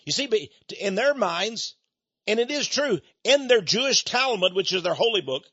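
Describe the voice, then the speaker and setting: A man's voice: high-pitched, expressive, moderate pace, fairly bright tone. An older man preaching a folksy, rambling sermon monologue with chuckling asides, speaking as the head of his own ministry. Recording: dull lo-fi recording.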